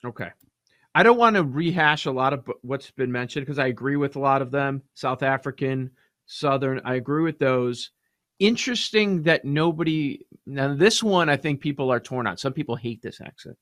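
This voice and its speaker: Male co-host, wry and teasing; lively pitch, dry sound. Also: moderate pace, dry recording. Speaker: podcast co-host. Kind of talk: casual podcast chat.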